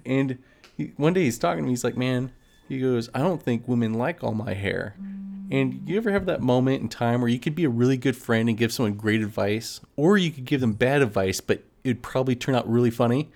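A man's voice: mid-range voice, fast, a little mellow. Young man, podcast co-host, casual storyteller who laughs a lot, mid-range voice. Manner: laughs often, acts out friends' voices.

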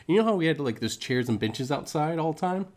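A man's voice: fairly high pitch, lively intonation, a little fast. Giggly young man telling a story. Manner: giggly, repeats himself, frequent "right?". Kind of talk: casual storytelling chat.

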